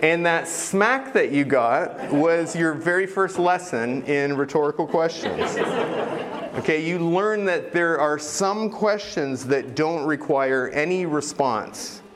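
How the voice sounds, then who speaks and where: A man's voice: on the high side, slow pace, crowd noise. Conversational man preaching a sermon. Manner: conversational, self-deprecating, with hesitations. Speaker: pastor.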